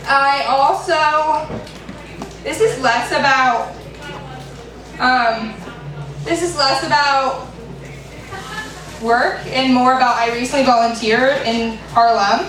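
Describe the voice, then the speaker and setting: A woman's voice: high-pitched, fairly bright tone, far from the mic. A woman doing an open mic stand-up set, chatty with lots of "like" asides. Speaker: stand-up comedian. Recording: very echoey room, mic from afar, faint noise.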